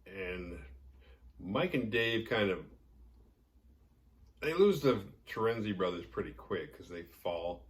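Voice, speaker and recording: A man with a fairly low voice retells a horror film's plot, sounding a little distant from the microphone. He rambles casually, leaning on "like" and throwing in jokes and swear words. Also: lively intonation, takes it slowly, pauses often. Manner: rambling, heavy filler "like", profane and jokey. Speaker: horror movie podcast host. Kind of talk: casual movie recap.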